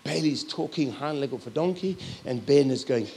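A middle-aged man preaching a sermon as a pastor, telling stories with loud, animated asides. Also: mid-range voice, moderate pace, vocal fry, hardly any pauses.

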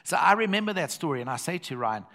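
Older South African preacher telling a story. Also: male voice, fairly high pitch, fast talker. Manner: lively storyteller who repeats phrases for effect. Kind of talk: sermon with personal storytelling.

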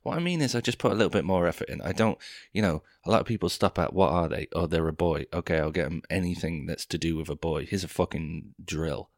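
A man's voice: low-pitched, quick pace, dry recording, clean studio sound. A young man, hosting a podcast with a profane, self-mocking, rambling comic monologue full of tangents. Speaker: podcast host. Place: London.

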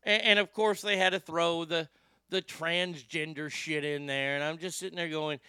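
Male talk host, brash profane storyteller; clear, smooth voice. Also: high-pitched, animated, unhurried, long pauses, no echo, studio quality. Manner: profane, loud and emphatic storyteller. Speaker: radio show host.

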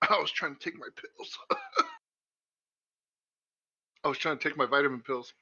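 A man's voice: a little high, wildly swooping pitch, moderate pace, gravelly, pushed and bright, slightly rough, no room sound. A young man co-hosting a podcast, rambling through crude stories with lots of swearing and laughter. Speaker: podcast co-host. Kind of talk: casual chat. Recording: muffled lo-fi recording.

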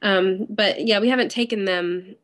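A woman's voice: medium pitch, steady tone, normal speed, a bit bright. A woman in her thirties or forties, a guest on a podcast, chatting casually over a video call with lots of ums. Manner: hesitant with many ums, laughs often. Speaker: interview guest. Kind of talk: casual interview chat.

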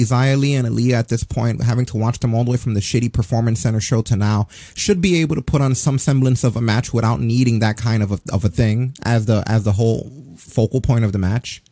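A man's voice: medium pitch, brisk, hardly any pauses, warm tone, dry recording. A man in his forties ranting profanely in a casual podcast chat. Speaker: podcast co-host. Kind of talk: casual wrestling review chat.

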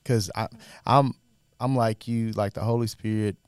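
A man's voice: fairly low pitch, steady tone, normal speed, smooth, no room sound, studio quality. A man who preaches, chatting casually about faith and chiming in with frequent affirmations. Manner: warm storyteller, frequent affirmations.

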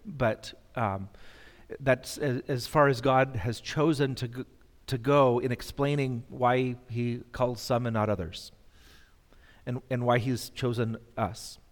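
Halting man teaching in a reverberant hall. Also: mid-range voice. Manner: halting, with many fillers and restarts; self-deprecating. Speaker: bible study teacher. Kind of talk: unscripted bible teaching. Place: hall in front of an audience.

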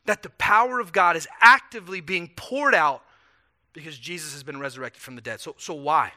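A man's voice: a little high, fairly quick, bright, forceful tone. A pastor preaching a sermon in an earnest, conversational way, asking rhetorical questions and often repeating words as he restarts.

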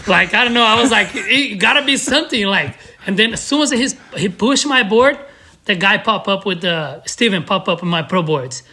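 A man's voice: sits high, lively intonation, normal speed, pushed and bright. A man from Brazil, a guest on a podcast, telling a story in a loose, laughing, profane way with lots of restarts. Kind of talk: casual storytelling.

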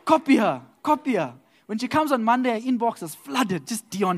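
A man giving a church testimony that builds into preaching, telling his story with laughter and loud outbursts. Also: very high voice, normal speed, slight background noise. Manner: animated storyteller who laughs and swells into loud exclamations.

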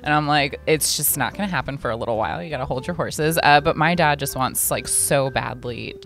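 A woman in her twenties chatting casually on a podcast, an animated storyteller who swears freely. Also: a bass voice, a little fast, soft background music. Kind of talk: casual chat.

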